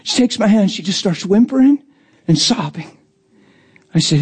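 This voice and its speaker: A middle-aged man preaching a sermon through an animated story, acting out the voices of the people in it and laughing often. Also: high voice, moderate pace, slightly rough.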